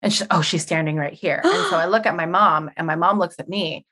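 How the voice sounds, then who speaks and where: Animated woman telling her own story. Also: on the low side, brisk. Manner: animated, acts out quoted dialogue, swears. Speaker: podcast guest. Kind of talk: emotional personal storytelling.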